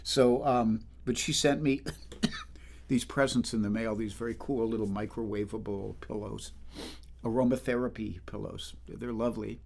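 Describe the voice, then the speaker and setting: A man's voice: on the low side, fairly even intonation, normal speed, vocal fry, a little mellow. An older man hosting a livestream concert, chatting casually between songs and greeting viewers by name with a rambling manner. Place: home, livestream. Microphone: livestream microphone.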